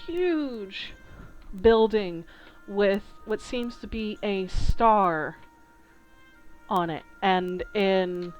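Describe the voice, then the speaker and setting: A woman narrating a tabletop game as dungeon master, describing scenes slowly with small hesitations. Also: medium pitch, a little mellow, faint music behind, low-quality recording.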